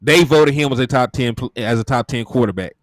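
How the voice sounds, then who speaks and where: A man co-hosting a casual sports chat, relaxed and joking, often stumbling over his words. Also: medium pitch, fairly quick, dry recording. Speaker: sports show co-host.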